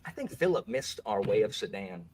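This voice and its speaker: A man's voice: fairly low pitch, sing-song, fairly quick, a little mellow, slightly rough. A man hosting a bookish quiz game, playful and jokey, reading each clue twice. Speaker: quiz host. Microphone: desk microphone.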